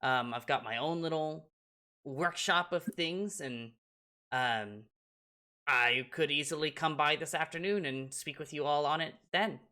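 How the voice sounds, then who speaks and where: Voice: mid-range voice, a little slow, sharp tone. A game master voicing a polite, eager little gnome craftsman who hesitates and talks in a fussy, courteous way. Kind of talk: voicing characters in a tabletop game.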